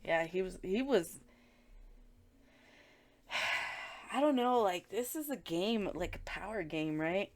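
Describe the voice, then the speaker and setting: Casual tarot reader, woman with a slightly low voice, blunt, profane, chatty delivery. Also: animated, slow pace, long pauses. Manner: chatty, blunt and profane, with frequent filler words. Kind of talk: casual tarot reading commentary.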